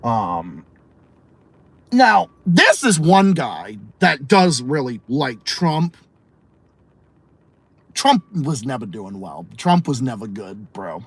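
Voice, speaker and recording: A man's voice: mid-range voice, very animated, slow pace, pauses often, a bit bright, breathy edge, dry recording. A man from Massachusetts with a Massachusetts accent, hosting a livestream podcast and ranting bluntly with heavy swearing while answering chat. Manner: profane, blunt and opinionated. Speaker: podcast host.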